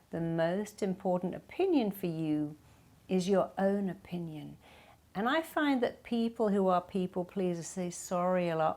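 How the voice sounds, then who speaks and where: Woman, middle-aged, low-pitched, emphatic self-help speaker answering viewer questions. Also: dark tone. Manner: emphatic, acts out quoted speech.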